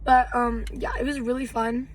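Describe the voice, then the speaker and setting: A teenage girl co-hosting a casual podcast, rambling and filling every pause with "like.". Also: fairly high pitch, level tone. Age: teens. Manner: rambling, heavy use of "like". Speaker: podcast co-host. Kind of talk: casual chat. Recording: distant mic with faint background noise.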